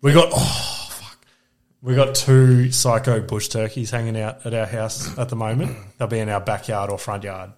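Laid-back Australian dad, low voice. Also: male voice, moderate pace. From Queensland, Australia. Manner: swears freely, laughs through animated stories. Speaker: podcast co-host. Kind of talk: casual chat.

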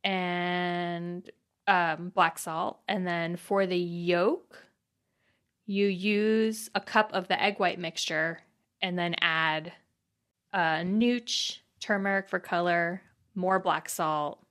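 A woman's voice: fairly low pitch, steady tone, takes it slowly, fairly bright tone, clear, resonant tone. A woman hosting a podcast in casual chat, giggly and teasing as she reads out listener messages. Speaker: podcast host.

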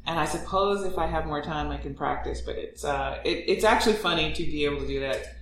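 A playful woman chats casually on a podcast, laughing often and slipping into quick mock voices. She sits well back from the mic in an echoey room. A faint hiss sits under her. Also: sits low, a bit bright. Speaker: voice actor. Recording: roomy echo, distant mic, faint hiss.

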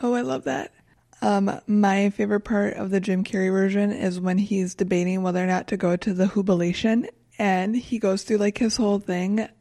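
Woman, casual podcast chat, warm mellow tone, enthusiastic. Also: medium pitch, fairly even intonation, moderate pace, no echo, clean studio sound.

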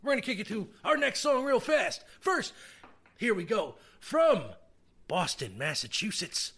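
Man, podcast host, casual rambling chat, jokes at his own expense, somewhat high voice. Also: big pitch swings, unhurried, fairly bright tone, slightly rough. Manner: rambling, jokey, self-deprecating.

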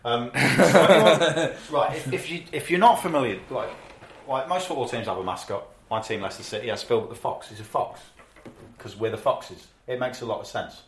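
A man hosting a casual podcast interview, asking relaxed, chatty questions. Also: medium pitch, normal speed, a little hiss or hum. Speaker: podcast host. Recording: roomy echo.

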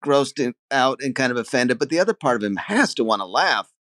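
A male comedian chatting on a podcast, his pitch swinging widely up and down as he muses. His voice sounds dry and close, with no room around it. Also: sing-song, brisk, fairly bright tone, no echo. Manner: musing and questioning, hedges with "I don't know" and "I think". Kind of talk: casual conversational chat. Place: living in Germany.

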